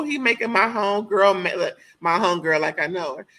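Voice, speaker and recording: A woman reviewing a reality TV reunion in casual chat, animated and opinionated, swearing freely. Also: medium pitch, brisk, few pauses.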